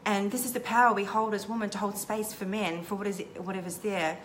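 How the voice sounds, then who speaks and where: Candid woman coach, mid-range voice, halting heartfelt storyteller with a faint hiss behind. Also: mid-range voice, steady tone, a bit bright. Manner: halting, many "um" and "like" restarts. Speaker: intimacy coach. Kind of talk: personal storytelling to camera.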